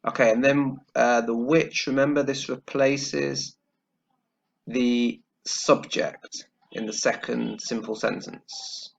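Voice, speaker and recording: A man teaching English grammar, explaining slowly and carefully and checking in with "okay" as he goes. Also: medium pitch, steady tone, gravelly. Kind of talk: grammar lesson while writing on screen. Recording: dull lo-fi recording.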